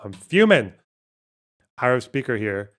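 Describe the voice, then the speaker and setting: A man's voice: medium pitch, big pitch swings, fairly bright tone. A man streaming live, commenting casually on the news, swearing and laughing often, reading out translated lines as he goes. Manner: casual, profane, laughs often, self-mocking; reads translations aloud haltingly.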